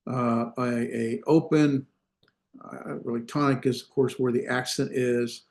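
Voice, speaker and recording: A male instructor walks his class through a grammar lesson over a video call. He explains one point at a time and keeps pausing to make sure the students are following. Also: mid-range voice, fairly even intonation, darkish tone. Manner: explains step by step, often checking the class follows. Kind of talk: online class lecture.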